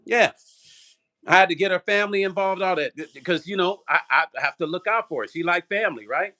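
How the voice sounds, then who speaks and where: An older man hosting a vlog, telling a story straight to his viewers in an animated, profane way. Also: sits high, a little fast. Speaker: vlog host. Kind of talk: casual livestream storytelling.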